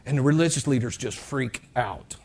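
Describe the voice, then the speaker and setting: A man preaching a sermon in a church, telling the story in an animated, dramatic way with sudden drops and rises in loudness. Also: medium pitch, normal speed, gravelly. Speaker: pastor.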